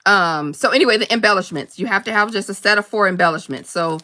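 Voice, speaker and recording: A woman hosting a casual live crafting chat, rambling warmly between laughs and answering viewer comments. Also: mid-range voice. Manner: chatty and rambling, laughs often, quick asides. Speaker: crafting channel host.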